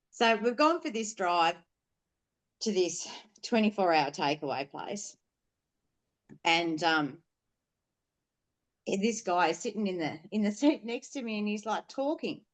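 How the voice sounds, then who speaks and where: A woman's voice: mid-range voice, lively intonation, unhurried, pauses often. A woman on a podcast, telling a personal story candidly, swearing freely and rambling with fillers. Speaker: podcast guest.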